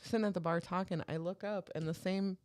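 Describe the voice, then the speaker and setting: A woman's voice: lowish voice, fairly quick. A woman co-hosting a podcast, telling a story in casual chat, swearing freely and acting out what each person said. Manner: animated, swearing, acts out dialogue. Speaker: podcast co-host.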